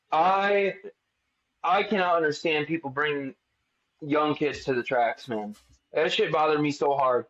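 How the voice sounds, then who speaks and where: A young man co-hosting a podcast, telling stories in a casual, animated way and swearing freely. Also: a little high. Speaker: podcast co-host. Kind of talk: casual chat. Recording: dull lo-fi sound.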